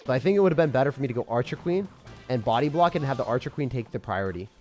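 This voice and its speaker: A man giving excited, self-mocking commentary over his own gameplay, full of gamer slang, swinging from hype to groans. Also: mid-range voice, racing, soft background music. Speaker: gaming creator.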